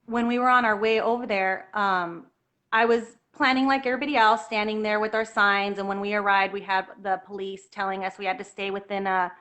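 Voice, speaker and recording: A woman telling a personal story in an earnest, animated way, at times close to tears. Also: mid-range voice, brisk. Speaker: guest telling her story.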